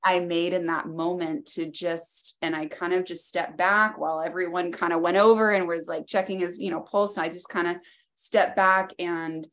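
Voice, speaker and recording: A woman speaks as an interview guest, telling a personal story in a reflective, unhurried way. Her voice sits fairly low and has a noticeable gravelly fry. Her phrasing is loose and full of fillers as she thinks aloud. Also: steady tone, a bit bright.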